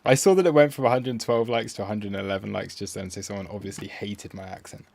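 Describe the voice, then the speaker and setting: A man hosting a trading livestream, rambling and thinking out loud as he walks through charts in a casual, self-deprecating way. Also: fairly low pitch, quick pace, creaky.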